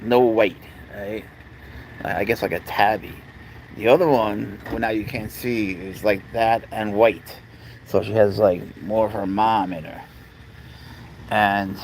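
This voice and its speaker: A man with a lowish voice hosts a casual livestream, rambling as he talks to his cats and responds to viewers' chat. The recording is rough, with a little hiss or hum.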